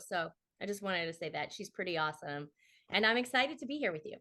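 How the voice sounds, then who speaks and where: Lively, expressive actress guest. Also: female voice, on the high side, normal speed. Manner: expressive, laughs often, animated storytelling. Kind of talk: casual chat.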